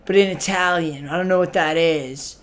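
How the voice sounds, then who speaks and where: This man's fairly high voice, at normal speed, sounds close to an everyday voice as he acts out a clueless young stoner hosting a comic web show. Laid-back and spaced-out, he drawls through a filler-laden sketch monologue and keeps adding "man."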